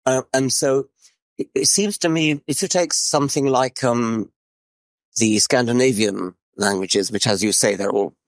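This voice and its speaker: A man's voice: mid-range voice, a little slow, no echo. A man hosting a conversation, hesitant and often repeating words as he thinks. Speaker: host. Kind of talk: casual chat.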